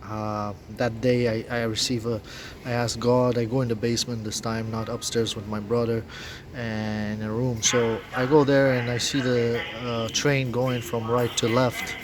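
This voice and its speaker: A man with a French accent and French as his first language, talking in a rambling, profane, agitated monologue with many halting restarts. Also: medium pitch, level tone, noisy background.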